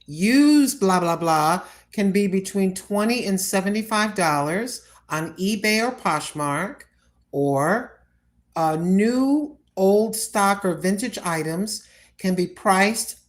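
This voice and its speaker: A woman's voice: medium pitch, poor audio. An older American woman chatting casually and rambling to her viewers at home. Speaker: vlogger. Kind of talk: casual chat.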